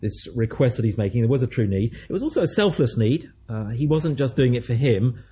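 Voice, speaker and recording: A man's voice: mid-range voice, expressive, fairly quick, mellow, slightly rough. A man preaching a sermon, telling a story in a chatty way and acting out the voices of its people.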